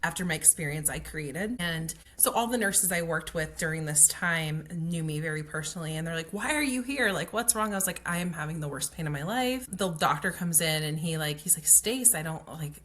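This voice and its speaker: A woman tells a personal story in a relaxed, conversational way. Her voice sits fairly low, and she peppers her talk with "like" and slips into quoted dialogue. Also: brisk, hardly any pauses. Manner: chatty, frequent "like" fillers, acts out quoted dialogue. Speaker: guest, pelvic floor occupational therapist. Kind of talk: casual storytelling.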